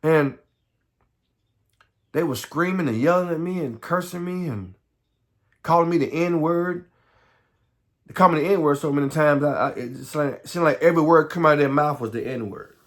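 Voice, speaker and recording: A man from the Southern United States telling his own life story, halting and earnest, often repeating words and close to tears. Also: fairly high pitch. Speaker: vlogger.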